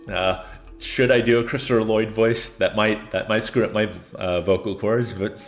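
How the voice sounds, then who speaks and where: A man's voice: lowish voice, fairly even intonation, moderate pace, echoey room. A man streaming a video game in casual commentary, chatty and joking, laughing often, with faint music behind. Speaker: gaming streamer.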